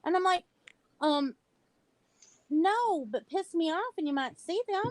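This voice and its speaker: A middle-aged woman hosting a livestream over a video call, telling stories in a blunt, animated way and laughing often. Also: extremely high pitch, a little slow, dry recording, rough recording. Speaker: livestream host. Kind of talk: casual chat.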